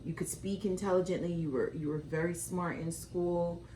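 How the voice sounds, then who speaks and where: A woman's voice: fairly low pitch, normal speed, a little hiss or hum. A middle-aged woman with a West Indian accent, talking candidly with her daughter and acting out quotes as she tells stories. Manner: emotional, animated storytelling with acted quotes. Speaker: mother and co-host. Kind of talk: candid family conversation.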